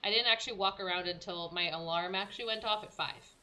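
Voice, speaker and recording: A young woman streamer telling a story in casual chat, animated and acting out her own quotes. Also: mid-range voice, fast, background noise.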